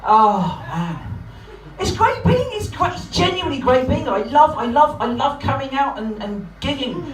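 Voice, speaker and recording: A man from Portsmouth, England performs a brash, sweary, self-mocking stand-up set at a live comedy night, with a very high voice, big pitch swings, and normal speed. The room is echoey, the mic distant, and the crowd noisy.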